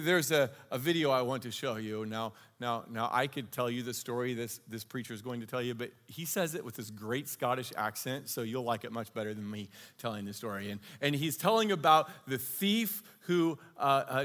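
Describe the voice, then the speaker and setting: A man's voice: fairly high pitch, a bit bright. A man teaching a sermon in an earnest, conversational way. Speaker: pastor. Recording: long reverb of a large hall.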